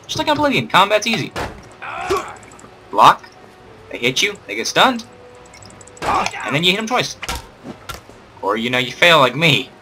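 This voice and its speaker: A man's voice: fairly high pitch, wildly swooping pitch, a little slow, pauses often, noisy background. A young man doing playful, sarcastic game commentary, rambling and joking at the screen. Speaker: gamer doing a let's play.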